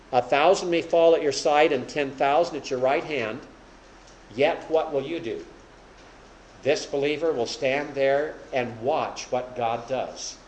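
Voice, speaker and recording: A man teaching a Bible lesson to a small group, his voice at an ordinary middle pitch. He explains patiently and grows emphatic and louder when he quotes verses. A faint room hum sits behind him. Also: reverberant, poor audio. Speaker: preacher teaching a Bible study.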